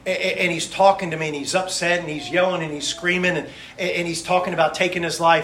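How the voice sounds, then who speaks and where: A middle-aged man, a missionary preacher, delivering a sermon in emphatic rhythmic lists that swing from loud to hushed. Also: a little high, fairly even intonation, quick pace, few pauses, echoey room, slight background noise.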